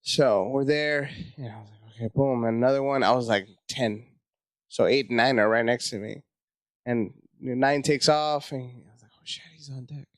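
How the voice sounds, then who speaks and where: A man from tells a story in casual, profane chat, jumping into high, strained voices to act out his own panic. He sits at a middling pitch. The recording is dry and close, with no room sound. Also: moderate pace, no echo. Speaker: comedian guest.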